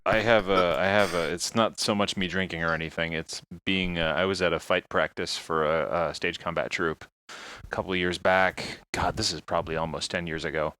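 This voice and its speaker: A man telling a story as a guest on a podcast, halting and restarting as he goes. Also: deep voice, steady tone, sharp tone, no room sound. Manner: halting, many restarts and fillers. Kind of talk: casual anecdote telling.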